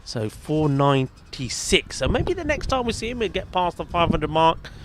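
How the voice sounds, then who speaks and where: A man's voice: on the high side, big pitch swings, normal speed, noisy background. A man giving live, chatty commentary at a cricket match, bantering with the fielders near him. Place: outdoors at a cricket ground.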